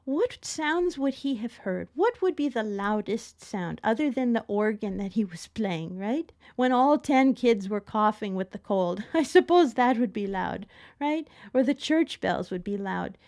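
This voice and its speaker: A middle-aged woman teaching piano in a chatty, expressive way, often laughing as she explains. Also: fairly high pitch, unhurried. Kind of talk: casual spoken tutorial.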